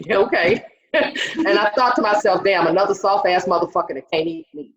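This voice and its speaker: Speaking at a moderate pace, a woman comic with a mid-range, slightly bright voice tells dirty, profane stories and plays out the dialogue herself. It's a stand-up set done over video call. The recording sounds roomy, dull and somewhat muffled.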